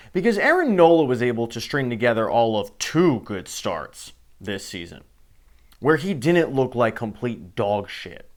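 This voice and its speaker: A man hosting a sports show, ranting with heated, sarcastic and profane commentary. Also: mid-range voice.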